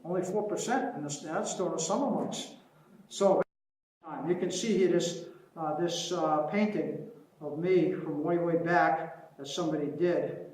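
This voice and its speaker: New man, folksy beekeeping speaker, high-pitched, distant mic in a reverberant room. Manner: folksy storyteller, slows down and softens for anecdotes. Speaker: beekeeper giving a library talk. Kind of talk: informal public presentation. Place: library meeting room. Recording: echoey room from far off.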